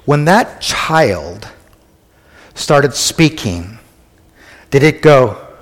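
A man's voice: mid-range voice, sing-song, drawn-out words. A man preaching a conversational sermon who often asks the congregation questions. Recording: echoey hall.

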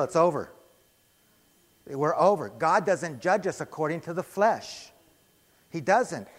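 A man preaching a sermon to a congregation, emphatic and pausing to answer his own rhetorical questions. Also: sits high, long reverb tail. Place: church sanctuary.

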